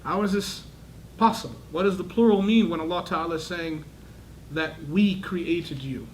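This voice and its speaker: A man's voice: a little high, normal speed, slight background noise, rough recording. A man lecturing a class, asking the students questions and acting out voices to show how tone changes meaning. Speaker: teacher of a class.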